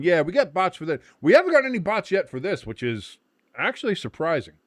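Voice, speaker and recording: An American man hosting a casual watch-along chat, his voice sitting a bit high and swinging widely in pitch as he jokes and swears freely. He switches between explaining the game and ranting in a lively, animated way. The sound is dry and close. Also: a little fast, no echo. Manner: profane, joking, animated. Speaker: host.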